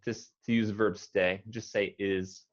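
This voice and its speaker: An American man teaching English pronunciation one-on-one, patiently correcting and modeling words slowly. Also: lowish voice, flat delivery, muffled recording.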